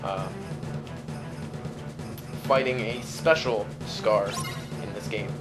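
A man's voice: on the low side, takes it slowly, over music. Rambling, joking young man gaming. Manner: joking, rambling, with many fillers. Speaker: let's player. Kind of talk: casual gameplay commentary.

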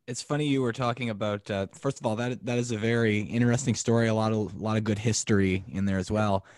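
A man's voice: fairly low pitch, fairly even intonation, fast, a little mellow, no echo. A young man hosting a podcast, chatting casually and hesitantly with many ums and restarts. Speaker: podcast host. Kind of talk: casual chat.

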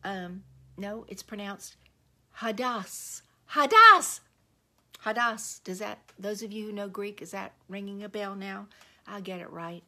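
Leading a devotional teaching with spoken prayer, a female spiritual director talks in an earnest, unhurried manner that frequently falls to a hush. Her voice is mid-range and her delivery flat.

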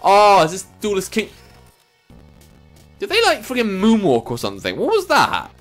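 A man hosting a game let's play, reading lines aloud with jokey, excitable, sing-song asides. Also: high voice, normal speed, faint music behind.

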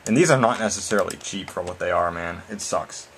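A man's voice: sits low, fairly quick, a bit bright, slight background noise. A man ranting casually to his viewers, exasperated and swearing often, calling them guys and man. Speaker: vlogger.

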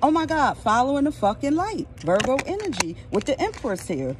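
A high-voiced woman giving a casual tarot reading outdoors, blunt and heavy with swearing. Steady noise and passing traffic run under her voice. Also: moderate pace. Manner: blunt, profane and emphatic. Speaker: tarot reader.

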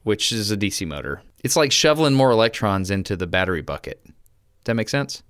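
A male podcast co-host talks in earnest casual chat and often restarts his sentences. His voice sits on the low side. The close microphone keeps the sound dry. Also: expressive, quick pace, a bit bright, smooth, no echo.

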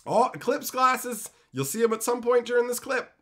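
A man's voice: very high-pitched, animated, moderate pace, bright, forceful tone. A man streaming live, reading chat and ranting bluntly with lots of swearing. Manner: profane, blunt, heated ranting. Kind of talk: casual livestream rant, reading chat.

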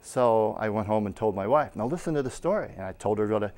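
A man's voice: on the low side, lively intonation, fast talker, a little mellow. A middle-aged man, a pastor, teaching in a conversational sermon style and acting out little anecdotes. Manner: conversational preaching with acted-out anecdotes. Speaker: pastor teaching at a Bible school.

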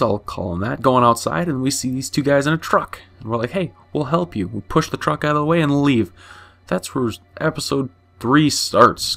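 A man's voice: medium pitch, gravelly, bright, forceful tone. A man giving a casual, flippant game recap, rambling and swearing, correcting himself as he goes.

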